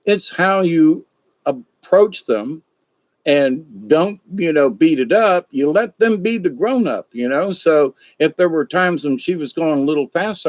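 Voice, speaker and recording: A man's voice: a little high, no echo. Older man, folksy rambling storyteller. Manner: folksy, meandering, many filler asides. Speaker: livestream host. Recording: dull dry lo-fi sound.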